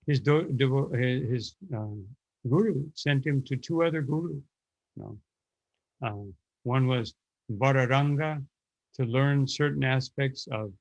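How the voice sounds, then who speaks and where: A man's voice: mid-range voice, creaky, no echo. A man giving a devotional lecture, telling stories with quoted voices and frequent fillers and restarts. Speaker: spiritual teacher. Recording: dull, lo-fi dry lecture recording.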